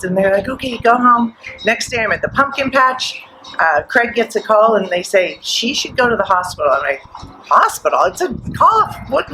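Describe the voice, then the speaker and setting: A middle-aged woman guest at a live podcast event, telling her story in an animated way and acting out the voices she quotes. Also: mid-range voice, a little hiss or hum, rough recording.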